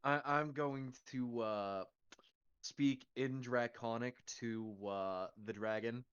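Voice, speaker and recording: A man playing in a tabletop game, speaking slowly and deliberately. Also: medium pitch, fairly bright tone, clear, resonant tone. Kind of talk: casual chat. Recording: dull lo-fi mic.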